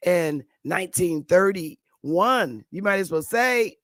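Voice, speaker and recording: Speaking slowly but expressively in a lowish voice, this YouTube commentator, a northern U.S. woman in her fifties, talks casually and off the cuff. She restarts often and uses many fillers, and the recording has no room sound.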